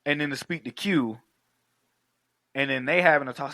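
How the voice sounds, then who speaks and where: A man's voice: mid-range voice, normal speed, no room sound. A man hosting a podcast, recapping a film in casual slangy chat and acting out the characters' lines. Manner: animated, acts out characters' lines, slangy and profane. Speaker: podcast host.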